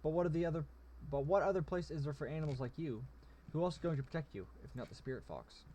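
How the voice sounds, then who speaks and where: A man's voice: a little high, fast, darkish tone, pitched above the performer's own voice, natural voice. Figure: sly goblin general, voiced by a man. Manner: smug, teasing, pompous. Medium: read-aloud fantasy game. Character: sly mocking male goblin general, scheming.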